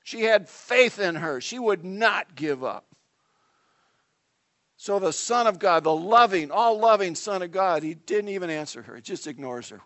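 A male pastor preaching a sermon in an animated, conversational way, with dramatic asides to the congregation. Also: high voice, a little slow.

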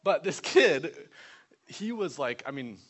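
A man preaching, telling a lively testimony story and acting out the people in it. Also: a little high, slow, husky. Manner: animated storyteller voicing others in quotes.

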